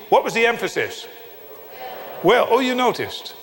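Preacher guy, high lively voice, tells stories with voices and big pauses, long hall reverb. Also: gravelly. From England. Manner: dramatic storytelling with acted dialogue and emphatic pauses. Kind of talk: sermon.

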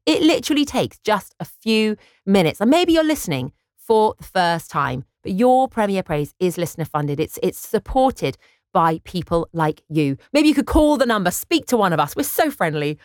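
A woman's voice: mid-range voice, normal speed, dry recording, clean studio sound. A woman presenting on Christian radio, making an upbeat fundraising appeal to listeners. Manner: upbeat, lively, persuasive. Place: radio studio.

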